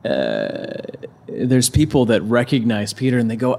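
Preacher, male, husky mid-pitched voice, loose conversational storytelling with fillers. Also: very animated, unhurried, darkish tone. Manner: conversational, with many fillers and restarts. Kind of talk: casual retelling of a scripture story.

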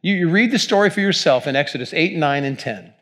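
A man's voice: on the high side, lively intonation, fast, fairly bright tone. A male pastor preaching a sermon in a conversational, storytelling way, with asides to the congregation.

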